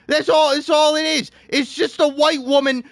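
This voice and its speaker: A man with a high voice delivers an exasperated comedic rant. He swings from loud outbursts to grumbling mutters. The sound is close and dry. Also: flat delivery, moderate pace, dry recording. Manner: exasperated, theatrical, swinging between shouting and muttering. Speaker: online video creator.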